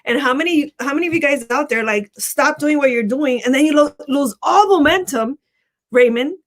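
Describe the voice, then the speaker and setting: Chatty high-voiced woman co-host. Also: normal speed. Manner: chatty, laughs often, animated. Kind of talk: motivational chat.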